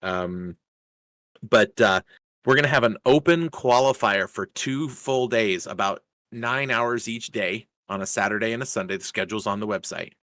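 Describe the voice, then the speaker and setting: A lower-pitched man hosts a racing league stream in loose, upbeat chat. He rambles through fillers and restarts. The sound is dry and close, with no room echo. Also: normal speed, a bit bright. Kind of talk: casual live-stream chat.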